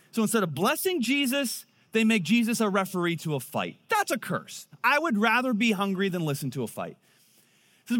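A man in his thirties preaching a sermon in a conversational, animated way. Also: high voice, brisk. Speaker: pastor.

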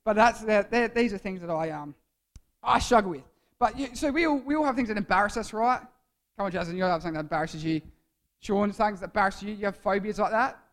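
A man with a high, light voice gives an interactive youth sermon. He jokes and fires questions at the crowd, calling on people by name. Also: fast, fairly bright tone. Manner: playful, jokey, quizzes the audience. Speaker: youth preacher.

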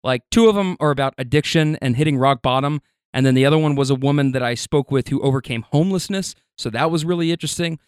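A man's voice: mid-range voice, fast talker, clear, resonant tone, dry recording, studio quality. A man, a podcast host, telling a long casual anecdote in a rambling way, with restarts and chuckles.

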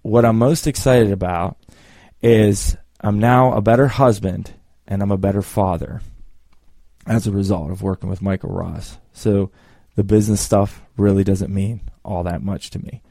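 Animated male storyteller, dry close sound. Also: lowish voice, moderate pace, creaky, dry recording. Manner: animated storyteller, acts out both sides of the dialogue. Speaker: business coach. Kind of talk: storytelling talk.

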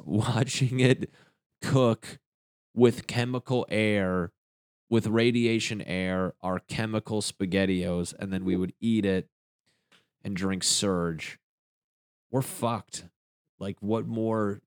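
A man's voice: lowish voice, slow, no room sound, clean studio sound. A young man doing a crude, rambling stand-up comedy rant. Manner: crude, rambling, jumps into silly voices.

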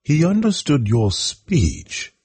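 A man's voice: mid-range voice, huge pitch swings, takes it slowly, vocal fry, a little mellow, breathy edge, voice pushed up, heavily acted. A man reading the part of a cool, soothing male ambassador in a storybook reading. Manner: soothing, cold.

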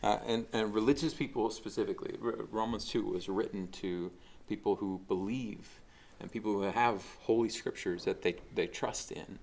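A man's voice: on the low side, moderate pace, gravelly, hardly any pauses, a little mellow. A man preaching a casual, conversational sermon, with frequent fillers and restarts as he talks through a passage. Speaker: pastor.

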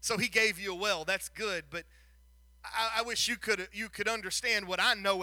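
A man preaching a sermon, retelling a Bible story with lively acted-out lines and frequent stumbles and repeated words. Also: high-pitched, moderate pace, dry recording.

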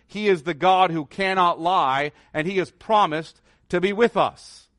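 A man preaches a sermon in a fairly high voice. He is earnest and builds to emphatic declarations. The sound is dry and close. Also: a little slow, hardly any pauses, fairly bright tone, no echo. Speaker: pastor.

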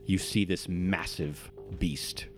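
A man's voice: low-pitched, steady tone, slow, music in the background. A man running a tabletop game as game master, narrating scenes in vivid, descriptive bursts.

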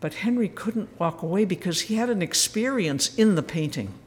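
A man giving a reflective spiritual retreat talk, telling stories gently with soft asides. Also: high-pitched, expressive, normal speed. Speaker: retreat speaker. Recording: roomy hall with faint noise.

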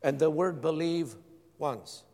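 Pastor preaching in a hall. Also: male voice, on the high side, slow, a little mellow. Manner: rhetorical questions, emphatic repetition. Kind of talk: sermon.

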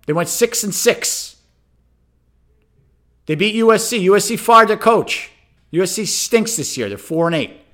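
A man's voice: high voice, lively intonation, a little slow, long pauses, a bit bright. A middle-aged man hosting solo sports commentary, ranting sarcastically and turning to listeners with "okay?" asides. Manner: ranting, sarcastic, rising to exasperated outbursts; addresses listeners directly, frequent "okay?" asides. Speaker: sports talk host.

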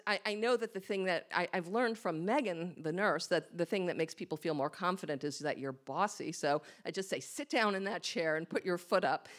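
On stage in a small hall, a woman with a mid-range, slightly bright voice tells a live audience a frank, self-mocking story about herself. She acts out her own thoughts as the tale unfolds.

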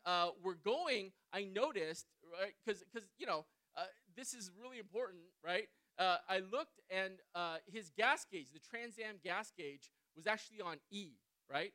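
Bright-voiced male preacher telling a story. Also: high voice. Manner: keeps adding "right?" to check in with listeners; animated storyteller, swings between loud and quiet. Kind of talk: sermon with personal storytelling.

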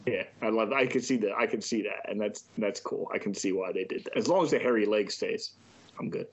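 A man's voice: lowish voice, brisk, breathy edge. A man chatting casually with friends, enthusiastic and a bit rambling. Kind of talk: casual chat. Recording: slightly dull lo-fi sound.

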